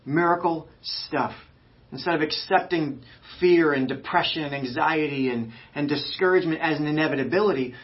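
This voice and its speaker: A fired-up male pastor preaching with emphatic urgency, his voice sitting a little high for a man. He drops often from loud calls into hushed, close asides. The recording sounds dull and lo-fi. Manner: fired up, emphatic, swings from loud urging to quiet. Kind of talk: sermon.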